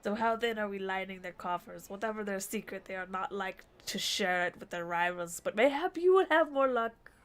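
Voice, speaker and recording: A woman's voice: medium pitch, fairly even intonation, moderate pace, a bit bright, soft background music, close to an everyday voice. A woman voicing a swaggering pirate captain in a theatrical, attempted Scottish pirate accent. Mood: scheming.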